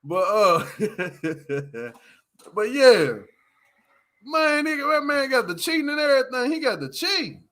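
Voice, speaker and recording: A man's voice: extremely high pitch, very animated, unhurried, pushed and bright. A man hosting a casual livestream, reviewing a reality show, laughing often as he retells scenes with lots of slang.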